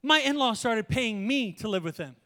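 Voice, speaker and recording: A young man preaching a sermon in a joking, animated way, often laughing. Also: extremely high pitch, moderate pace. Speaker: pastor.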